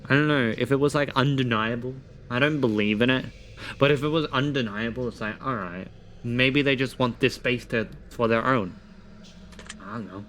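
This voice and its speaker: A man's voice: mid-range voice, fairly bright tone, slight background noise. A man streaming live, reading quiz questions aloud and answering them in a casual, swearing way.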